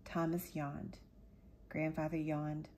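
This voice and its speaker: A woman narrating a storybook in a quiet, even way, with a husky voice. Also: low-pitched, takes it slowly, slight background noise. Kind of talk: storybook reading.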